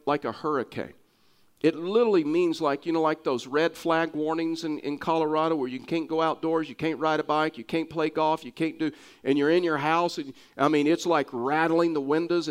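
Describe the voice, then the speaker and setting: With a clean tone and a Texas accent, a man preaches in a voice somewhat high for a man. His earnest sermon keeps circling, with phrases repeated and restarted to drive the message home.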